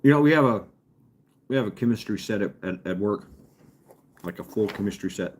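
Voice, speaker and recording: Man, livestream host, slow unhurried rambling chat, frequent chuckles. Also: fairly low pitch, animated, a little mellow, a little hiss or hum. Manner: rambling, halting, chuckles often. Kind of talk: casual chat with live viewers. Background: fireworks popping outside.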